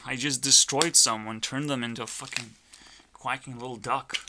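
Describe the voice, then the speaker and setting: A man's voice: medium pitch, steady tone, normal speed, background noise. A man rambling in a profane, erratic monologue, his volume swinging up and down as he rants. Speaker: vlogger.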